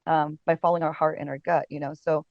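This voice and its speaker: A chatty woman guest tells stories in a loose, easygoing way, full of fillers and quick laughs. Her voice sits at a middle pitch. The sound is dry and a little dull, as on a modest podcast setup. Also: level tone, vocal fry, a little mellow, no echo. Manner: chatty storyteller, many fillers, laughs often. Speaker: casting director and podcast guest. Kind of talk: casual interview chat.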